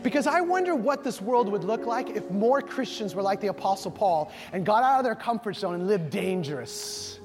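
A man with a high voice preaches in a church, leading call-and-response with his congregation and acting out little scenes of dialogue. His voice rings through a hall with long reverb, and soft music plays underneath. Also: expressive, normal speed, few pauses. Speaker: pastor. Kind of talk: sermon. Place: church sanctuary.

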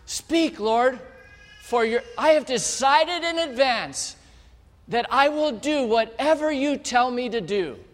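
A man's voice: extremely high pitch, animated, slow, fairly bright tone, in a large hall, pitched above the performer's own voice, heavily acted. A man voicing young Samuel, eager and raised. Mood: earnest.

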